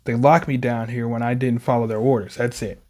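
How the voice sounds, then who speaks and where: A man reading as a calm, long-winded lab chief. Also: medium pitch, natural voice. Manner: measured, explanatory reading.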